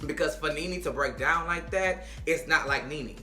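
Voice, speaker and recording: A woman recapping reality TV in a blunt, sassy vlog voice and swearing freely. Her tone is bright and edgy. The room is echoey, with faint music behind her. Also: low-pitched, normal speed. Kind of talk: casual, profane TV recap vlog.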